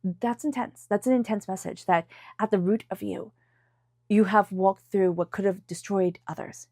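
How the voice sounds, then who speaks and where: Stuffy-nosed woman tarot reader, conversational and emphatic with hushed asides, dry close sound. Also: medium pitch, moderate pace, dry recording. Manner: chatty, emphatic, drops into soft whispers. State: congested. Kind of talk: casual tarot reading to camera.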